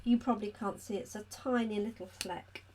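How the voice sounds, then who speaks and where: A chatty craft demonstrator hosts a live card-making session, addressing viewers by name and answering their comments while she works. She talks fairly quickly with a steady, medium-pitched, darkish voice, and there's a little hiss or hum in the recording.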